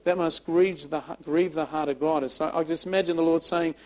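A man preaching a sermon. His delivery is emphatic, he repeats words, and he swings between loud and soft. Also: a little high, steady tone, brisk, rough recording. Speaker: pastor.

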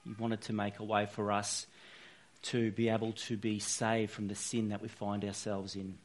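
A man's voice: on the low side, completely flat delivery, normal speed. A man giving an informal, earnest sermon, talking conversationally with frequent restarts and fillers. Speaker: preacher.

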